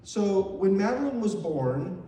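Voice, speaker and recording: An older man with a high-pitched, sing-song voice and a dark tone tells heartfelt, emotional stories at a measured pace during a memorial tribute, repeating phrases as he goes. The hall is very echoey, and he sounds far from the microphone.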